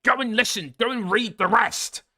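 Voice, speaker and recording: Needs a high, whiny, indignant arguer who keeps repeating himself, as a streamer mocks him. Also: male voice, moderate pace, sharp tone, exaggerated voice. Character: whiny insistent man arguing online.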